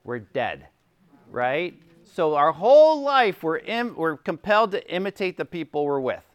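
A man's voice: fairly high pitch, big pitch swings, a little slow, clear, resonant tone, no room sound. A middle-aged man giving an informal teaching talk to a group. He acts out little quotes and keeps checking in with "right?". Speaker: workshop speaker, former chaplain.

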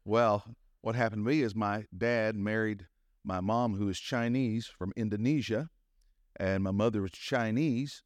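A Southern US pastor in his sixties preaches a conference sermon, folksy and joking, building up to rousing calls for an amen. His fairly low voice keeps a fairly even intonation at a measured pace, in a dry recording.

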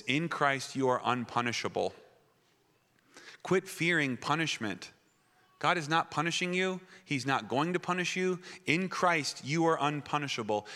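A man's voice: a little high, pushed and bright. A man from Wisconsin, a pastor preaching with playful comic stories that turn into earnest teaching. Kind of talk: comedic sermon storytelling. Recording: echoey hall.

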